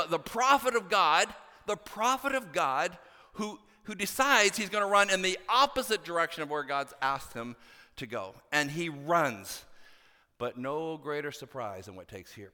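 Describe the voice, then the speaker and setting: A male pastor preaching a sermon, animated and acting out quoted voices with big swings between loud and soft. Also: medium pitch. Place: church hall. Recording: long hall reverb.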